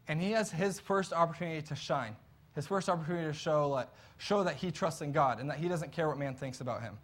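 A man's voice: a little high, a bit bright. A man preaching a sermon in an earnest, conversational storytelling way.

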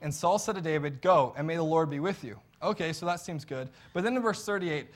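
A man's voice: on the high side, fairly quick. A man preaching a sermon in an earnest, conversational storytelling way.

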